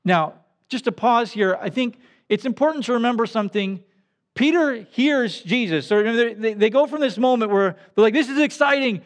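A man preaching who reads scripture and then pauses to explain it in plain, everyday words. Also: very high-pitched, lively intonation. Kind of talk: scripture reading with casual commentary.

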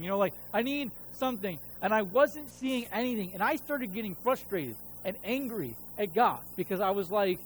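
A man's voice: high voice, expressive, a little fast, few pauses, a little hiss or hum, rough recording. A man in his thirties preaching a sermon as a pastor, telling a personal story in a casual, conversational way and acting out quoted voices. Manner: conversational storytelling, acts out his own voice and God's.

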